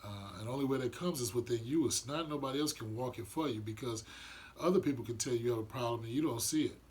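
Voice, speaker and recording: A man's voice: mid-range voice, quick pace, darkish tone, a little hiss or hum. A man giving an earnest, rambling monologue about spiritual matters, often restarting his sentences. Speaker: vlogger sharing spiritual views. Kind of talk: casual reflective monologue.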